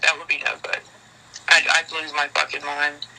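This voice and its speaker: A woman's voice: low-pitched, monotone, normal speed, vocal fry, bright, forceful tone, slight background noise. A woman on a phone call, talking frankly and rambling with worry, swearing often. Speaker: caller in a leaked phone call. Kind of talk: casual phone chat.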